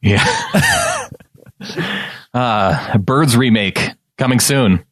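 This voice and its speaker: A man's voice: medium pitch, wildly swooping pitch, very slow, a bit bright, no echo, clean studio sound. A man co-hosting a sports podcast in casual chat, joking and laughing often, acting out quoted lines. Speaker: podcast co-host.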